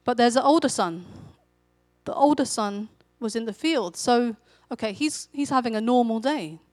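A woman with a fairly high voice preaches a sermon in an easy, conversational way. She tells the story as if chatting, and her voice lifts with energy when she acts out a character's lines. The sound is dry and close. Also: expressive, moderate pace, a little mellow, no room sound.

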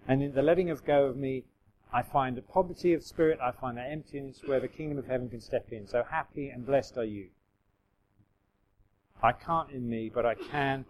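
A man's voice: medium pitch, a little mellow, poor audio. A middle-aged man preaching a sermon in a conversational way, acting out quoted voices with self-deprecating humour. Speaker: pastor.

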